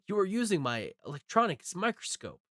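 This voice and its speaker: Streamer doing a sneering middle-aged professor, bright, haughty, animated. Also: male voice, high voice, fairly quick. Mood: scornful. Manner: haughty, interrogating. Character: arrogant scornful male professor, middle-aged.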